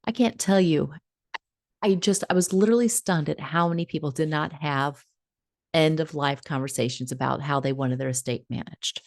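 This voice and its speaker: A woman hosting a casual advice talk, animated, laughing often and acting out little scripts. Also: deep voice, no room sound, clean studio sound. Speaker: host giving relationship advice.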